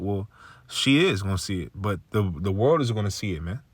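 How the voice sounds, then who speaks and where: A man with a fairly low voice talks through a casual religious testimony, addressing the listener directly. He is laid-back and loose, dropping "man" and "okay" constantly. The sound is dry, with no room echo. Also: fairly quick, pushed and bright. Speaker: religious video maker.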